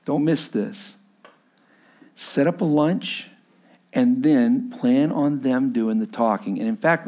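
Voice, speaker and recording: A man's voice: medium pitch, a little mellow. A man preaching a sermon with emphasis, often repeating his key lines for the congregation. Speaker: pastor.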